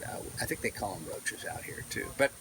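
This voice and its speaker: A man's voice: a little fast, background noise. A man, vlogging casually outdoors into his camera mic, digressive, with many fillers and restarts. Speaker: vlogger and audiobook narrator. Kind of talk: casual rambling vlog talk. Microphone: camera mic, no wireless mic.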